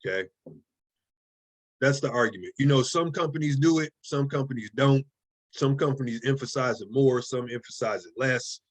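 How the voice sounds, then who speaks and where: A man's voice: medium pitch, normal speed. A man teaching a college writing class, lecturing casually and checking in often with "okay?" and "right?". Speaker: writing instructor.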